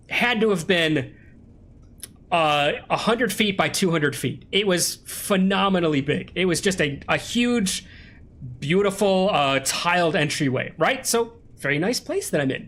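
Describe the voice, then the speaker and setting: A young man from the States chats loosely with his live-stream audience while playing, his voice sitting somewhat high. He rambles from one story to the next and laughs at himself along the way. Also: fairly bright tone. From United States. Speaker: game streamer. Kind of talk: casual live-stream chat while gaming. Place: home streaming room with a green screen.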